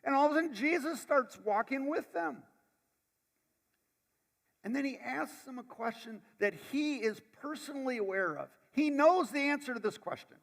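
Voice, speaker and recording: A male pastor preaching a sermon, dramatic, swinging from loud bursts to hushed lines and repeating words as he goes. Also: very high voice, lively intonation, normal speed, gravelly. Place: church sanctuary. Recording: long church hall reverb.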